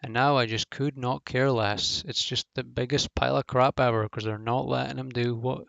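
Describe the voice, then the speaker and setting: A man's voice: mid-range voice, steady tone, normal speed, creaky, a bit bright, no room sound, highs cut off. A man giving a casual, rambling review of a wrestling show, blunt and swearing freely, with lots of fillers.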